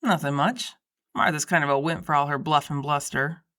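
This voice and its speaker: A woman's voice: low-pitched, moderate pace, a bit bright, voice pushed down. A woman voicing a willful, unapologetic female ghost with a dry, dismissive way of talking in an audiobook.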